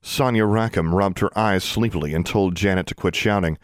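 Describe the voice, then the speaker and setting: A man narrating an audiobook chapter with expressive storytelling. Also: low-pitched, moderate pace, no room sound, studio quality. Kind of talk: scripted narration.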